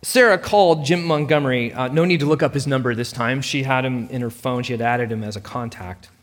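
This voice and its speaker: A man narrating a dramatic story in a lively reading voice. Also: mid-range voice, a little fast, long reverb tail.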